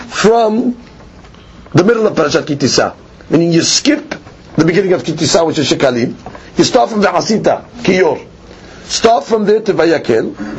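Gravelly husky man teaching Talmud. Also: on the high side, highs cut off. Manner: explains step by step, rising excitedly on key points. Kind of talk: daily Talmud class.

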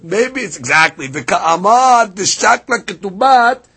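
Husky-voiced man teaching Talmud. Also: high-pitched, a little slow. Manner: explains in a back-and-forth, mixing Aramaic readings with English; animated, rises sharply on key points. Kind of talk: Talmud lesson.

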